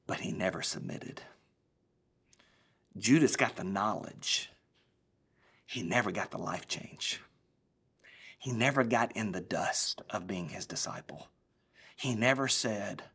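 A man preaching a sermon as a pastor, swinging between loud, emphatic lines and hushed, almost whispered ones. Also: medium pitch, expressive, measured pace, long pauses, husky.

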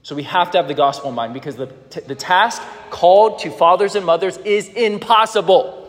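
A man with a high-pitched voice preaches in a reverberant hall. He keeps the sermon conversational and often puts questions to his listeners. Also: brisk. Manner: conversational, asks the congregation questions. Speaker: pastor.

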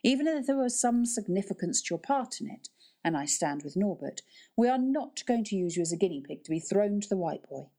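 A woman's voice: medium pitch, very animated, mellow. A woman reading a stern, guarded uncle. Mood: measured. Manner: measured, stern.

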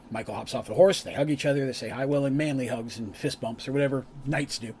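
A man's voice: medium pitch, fast talker, a little mellow, a little hiss or hum. A man casually recapping a tabletop campaign, rambling with chatty asides and restarts.

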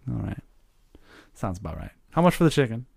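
Brief: man voicing a quick, gruff New York barbarian, boastful and easily offended. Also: medium pitch, big pitch swings, a little mellow, dry recording, clean studio sound, exaggerated voice. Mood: touchy. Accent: put-on New York. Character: hot-tempered male barbarian, touchy and boastful.

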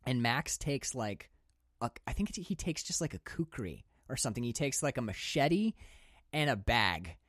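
A man co-hosting a podcast, talking about movies in an excitable, rambling way, full of fillers and swearing. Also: medium pitch, normal speed, no echo, clean studio sound. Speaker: podcast co-host. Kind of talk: casual film discussion.

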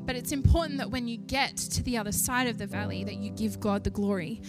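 A young woman preaching a sermon in an animated way, lifting her voice to stress each point. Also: medium pitch, brisk, music in the background. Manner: animated, rising with emphasis, laughs between points.

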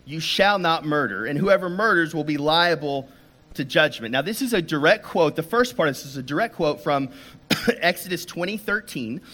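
A man delivers a sermon in a church room, slipping into a personal story before moving into scripture. His voice sits a bit higher than most men's, and he talks in a relaxed, conversational way. He often restarts his sentences. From United States. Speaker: preacher.

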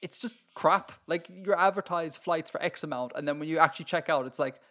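An Irish man chatting on a podcast with a slightly high voice. He rants in an animated way, trips over his words and laughs as he goes. It sounds like casual talk between friends. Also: fairly quick. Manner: animated, ranting, laughs often. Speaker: podcast co-host. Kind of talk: casual chat.

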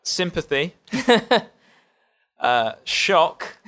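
Man, podcast host, slow unhurried talk, hesitant fillers, casual. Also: high voice, sing-song, a bit bright. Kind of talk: casual chat.

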